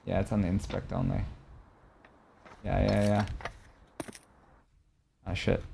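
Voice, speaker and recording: Young man, casual live-stream chat, animated, talks to chat, faint background noise. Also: sits low, takes it slowly, gravelly. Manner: animated, talks to chat, swings loud and soft.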